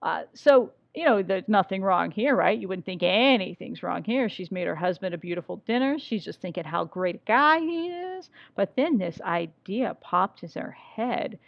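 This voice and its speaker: A woman's voice: mid-range voice, lively intonation, normal speed, gravelly, hardly any pauses, dry recording, dull audio. A woman teaching a literature class, talking casually, asking rhetorical questions and reading passages aloud. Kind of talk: recorded class lecture with read-aloud passages.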